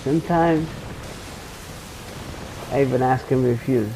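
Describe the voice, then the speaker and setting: A man's voice: mid-range voice, unhurried, rough recording. A man streaming a game and telling rambling, joking anecdotes in a loose, profane, casual way. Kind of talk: casual storytelling while gaming.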